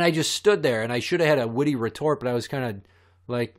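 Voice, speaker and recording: Man, podcast host, profane rant, heated, lively intonation. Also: medium pitch, a little fast. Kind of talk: ranting storytelling.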